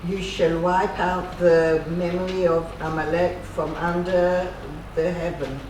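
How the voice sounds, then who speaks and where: Slow man reading from across the room. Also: high voice, flat delivery, a little hiss or hum. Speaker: class participant reading aloud. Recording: distant in a roomy classroom.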